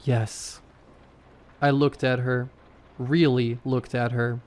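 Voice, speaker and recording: A man narrates a first-person horror story in short, clipped, tense sentences. He keeps a slow, unhurried pace. His delivery is steady and deliberate. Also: medium pitch.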